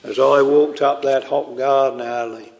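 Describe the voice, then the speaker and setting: An older man preaching a sermon, telling stories in a slow, earnest way and drawing out quoted lines. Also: medium pitch, fairly even intonation, a little mellow. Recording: long hall reverb.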